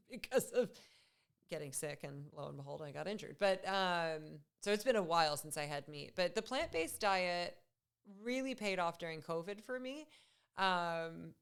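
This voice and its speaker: Female podcast guest in her thirties, lowish smooth voice, upbeat and conversational. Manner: chatty and upbeat, laughs often. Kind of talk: casual interview chat.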